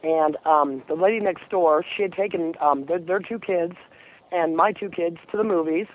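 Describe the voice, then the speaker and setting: A woman calling in to a radio show, telling her story earnestly with frequent fillers and pauses. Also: fairly low pitch. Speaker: caller. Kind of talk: call-in storytelling. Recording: phone line with faint hiss.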